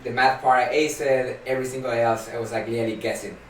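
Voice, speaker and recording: A man's voice: mid-range voice, fairly even intonation, brisk, recorded from a distance, a little hiss or hum. Young Argentine man, Spanish native, rambling podcast guest; roomy sound, set back from mic. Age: young adult. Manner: rambling, many "like" fillers, laughs easily. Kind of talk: casual podcast chat. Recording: echoey room, off-mic, faint ambience.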